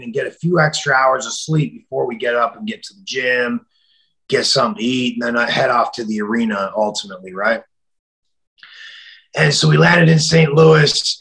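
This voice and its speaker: Gravelly, animated male storyteller. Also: medium pitch, low-quality recording. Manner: animated storyteller, acts out quoted voices with shouts. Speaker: interview guest. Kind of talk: storytelling in a shoot interview.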